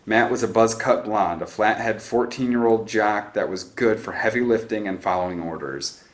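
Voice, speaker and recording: A man reading a novel aloud as narrator in a steady, even storytelling manner. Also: on the low side, moderate pace. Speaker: audiobook narrator. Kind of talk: scripted narration.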